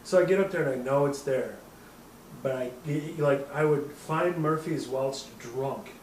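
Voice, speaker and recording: A man's voice: medium pitch, normal speed, darkish tone, a little hiss or hum. A man in his thirties from the American Midwest, hosting a podcast and telling a long, rambling, profane story with frequent laughs. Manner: rambling, profane, laughs often, puts on quoted voices. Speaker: podcast host. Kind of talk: casual storytelling. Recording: echoey room, mic at a distance.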